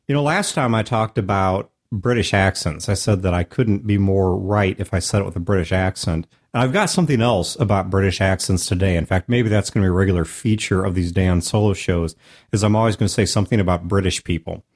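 An American man with a sore throat hosting a solo podcast, joking with big swings in pitch. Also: a little mellow. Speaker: podcast host.

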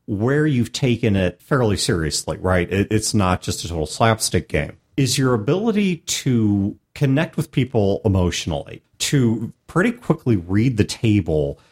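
A man hosting a tabletop gaming podcast in a relaxed, rambling chat. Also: fairly low pitch, normal speed, few pauses, breathy edge. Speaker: podcast host.

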